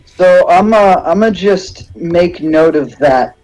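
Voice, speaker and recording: A man's voice: high-pitched, lively intonation, takes it slowly, darkish tone, rough recording. A man playing a tabletop game, hesitant with many fillers. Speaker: player. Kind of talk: tabletop play.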